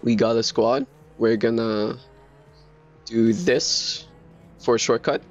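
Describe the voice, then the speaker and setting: A man talks through his game live, rambling and repeating himself in excited bursts at a middling pitch. His voice comes through a dull, lo-fi stream mic. Faint game music plays underneath. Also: slow, pauses often. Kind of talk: casual live gameplay commentary.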